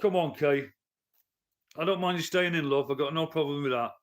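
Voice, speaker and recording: Blunt male streamer, slightly high voice, swearing and ranting at chat from his lounge. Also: a little fast. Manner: blunt, profane, heated. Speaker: livestreamer and commentator. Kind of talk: live stream rant to chat. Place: his living room at home.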